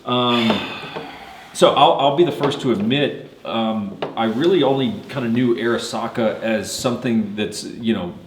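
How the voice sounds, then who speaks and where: A man's voice: mid-range voice, unhurried, roomy sound, slight background noise. A man hosting a firearms gear channel, joking and rambling with many fillers in casual review chat, in a cold shoot house.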